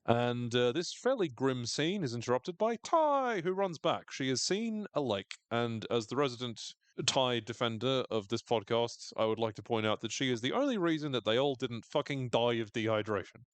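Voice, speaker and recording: A man's voice: medium pitch, expressive, moderate pace, hardly any pauses, dry recording. A man co-hosting a podcast, recapping a show in casual chat and playfully putting on character voices. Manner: jokey, often mimics characters in raised voices. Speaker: podcast co-host.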